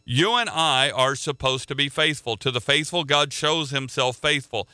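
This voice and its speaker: Male preacher, earnest sermon delivery, very bright and crisp voice, dry close sound. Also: medium pitch, a little slow, hardly any pauses, dry recording. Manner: earnest, repeats words as he restarts.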